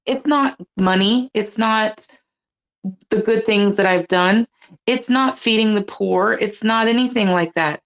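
A woman's voice: medium pitch, measured pace, low-quality recording. A woman speaking earnestly as a panelist, sharing her personal faith story in casual chat, often restarting her sentences. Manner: earnest, searching, with many restarts.

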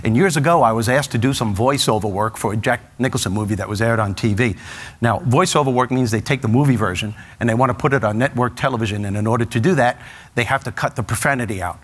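Husky-voiced male stand-up storyteller. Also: medium pitch, quick pace. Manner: animated, acts out quotes. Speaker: comedian and motivational speaker.

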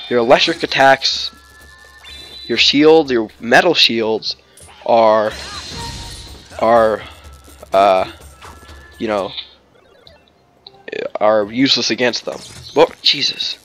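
A man's voice: medium pitch, fairly bright tone. Rambling, jokey man commenting on gameplay. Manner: rambling and chatty, full of "like" and restarts; jokey, breaks into snatches of song and silly voices. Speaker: let's play host.

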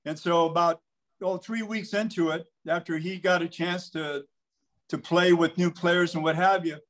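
An older man with a high voice tells stories, lively and chatty. He acts out the quoted lines as he goes. He is heard over a call. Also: normal speed. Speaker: guest, basketball coach. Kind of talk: casual anecdotal storytelling.

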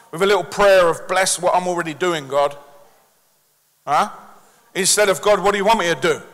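A man with a Cockney accent preaching a sermon as senior pastor, calling out questions and drawing answers from his congregation. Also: extremely high pitch. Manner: lively preaching with call-and-response to the congregation. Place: church hall with a congregation. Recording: echoey church hall.

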